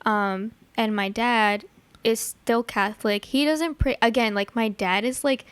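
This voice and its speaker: A woman's voice: a little high, unhurried, fairly bright tone, clean tone, dry recording. A young woman from the Chicago area telling stories as a podcast guest, chatty, full of likes and ums. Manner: chatty, lots of likes and ums, acts out her dad's lines. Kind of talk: casual storytelling chat.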